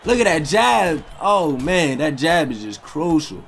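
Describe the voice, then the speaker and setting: A young man giving loud, slangy live commentary while playing a fighting game, trash-talking his opponent and swearing often. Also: fairly high pitch, sing-song, measured pace, vocal fry. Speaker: gaming streamer.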